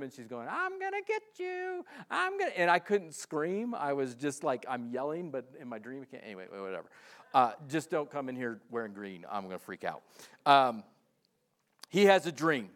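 A pastor preaching a sermon in a relaxed, conversational way, acting out the voices of the people in his stories. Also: high voice.

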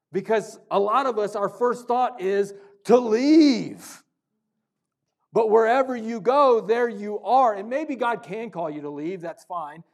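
A man preaching a sermon as pastor, telling a story and swinging from loud bursts to hushed lines. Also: sits high.

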